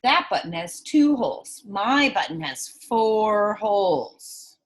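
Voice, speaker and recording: A woman voicing a fussy, upset male toad from a storybook, crying out in a high voice. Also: big pitch swings, takes it slowly.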